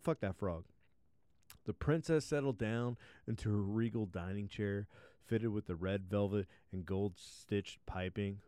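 A man's voice: fairly low pitch, a little slow, mellow, clear, resonant tone, dry recording. A man hosting a podcast, retelling a fairy tale with crude, profane asides. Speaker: podcast host, storyteller.

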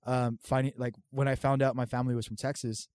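A young man from California talks through stories in a loose, animated way, full of asides. His voice sits in a middle range, recorded dry and close with no room sound. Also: medium pitch, fast, clean tone, no echo. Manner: rambling, animated storytelling. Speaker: podcast co-host. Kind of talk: casual chat.

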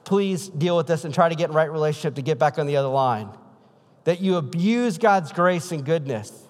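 A man's voice: on the high side, brisk. A man in his thirties preaching a sermon as pastor, in a casual, conversational way. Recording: long hall reverb.

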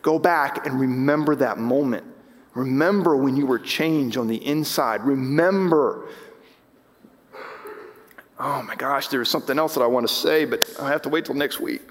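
A man's voice: mid-range voice, normal speed, big-room sound. A man preaching as pastor, impassioned, rising and falling with emphasis, often restarting his sentences. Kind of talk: sermon. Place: church sanctuary.

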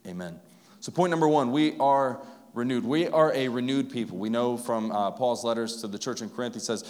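A man's voice: mid-range voice, fairly even intonation, fairly quick, darkish tone. Man preaching in a reverberant church. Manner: casual conversational preaching with asides to the congregation. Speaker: pastor. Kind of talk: sermon. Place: church sanctuary. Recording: long reverb of a church hall.

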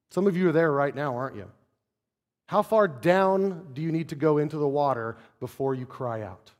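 A man preaching a sermon in a conversational way, asking rhetorical questions and dropping to a near hush for emphasis. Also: a little high, long reverb tail. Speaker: pastor.

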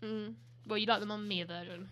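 Giggly British woman, bright voice. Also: medium pitch, fairly even intonation, fast talker. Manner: giggly, chatty, rambling. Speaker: podcast co-host. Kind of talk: casual chat.

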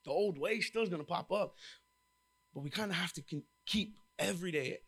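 A young man preaching a sermon, telling lively personal stories and calling out to the congregation. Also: high voice, brisk, slightly rough. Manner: lively storytelling with crowd call-outs. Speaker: church intern preaching.

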